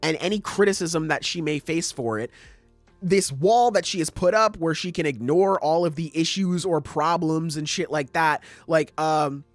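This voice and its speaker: Podcast host, male, higher-pitched, dry close sound, swearing and critical in a casual rant. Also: moderate pace, no echo, faint music behind. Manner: animated, profane, critical ranting with acted quotes.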